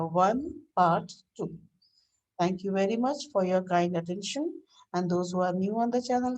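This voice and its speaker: Mellow-voiced woman teaching vocabulary. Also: mid-range voice. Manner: measured, instructive, lists words one by one. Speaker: English teacher. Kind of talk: vocabulary lesson, reading out word lists.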